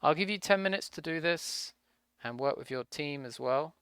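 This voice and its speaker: A man's voice: fairly high pitch, animated, fairly bright tone, clean tone, no echo, clean studio sound. A man teaching an English class, walking students through the textbook page by page and often checking in with "okay?". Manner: slow, repeats "okay?" to check understanding. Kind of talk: online class instruction.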